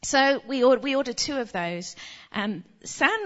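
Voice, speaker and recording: An English woman preaching in a relaxed, conversational way, her pitch sitting a little high and swinging widely as she tells her story. The recording sounds slightly muffled and dull. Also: a little slow. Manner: chatty, animated anecdote-telling.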